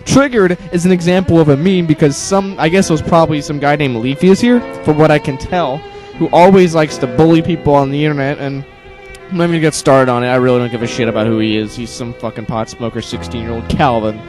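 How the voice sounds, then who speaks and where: A man's voice: a little high, fairly even intonation, quick pace, a little mellow, soft background music. A teenage boy ranting on his own channel, sarcastic and exasperated, swearing often. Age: teens. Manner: sarcastic, exasperated, swears a lot, mocks others in silly voices. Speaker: youtuber. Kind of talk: ranting monologue.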